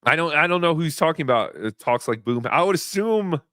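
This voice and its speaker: Male livestream host, slightly higher-pitched, dry close sound, joking and rambling casting. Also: expressive, a little fast, pushed and bright, no room sound. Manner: rambling, joking, self-deprecating. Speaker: livestream host reading chat donations. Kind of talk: casual livestream chat.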